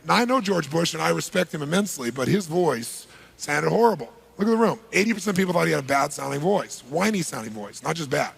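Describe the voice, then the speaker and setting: A man giving a live seminar talk to a large audience, energetic and punchy, polling the crowd with quick questions. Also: a little high. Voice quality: gravelly, husky. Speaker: seminar speaker.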